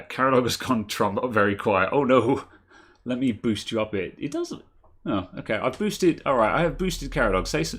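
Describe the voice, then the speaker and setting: A man's voice: mid-range voice, a bit bright, breathy edge. A man hosting a live tech podcast stream, chatting casually, laughing often and thinking aloud with fillers. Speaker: podcast host.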